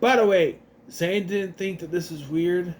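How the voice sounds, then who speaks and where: A man with a high-pitched voice recaps a TV episode in a casual, rambling way, restarting often and acting out characters' lines in quick voices. There's a little hiss or hum in the recording.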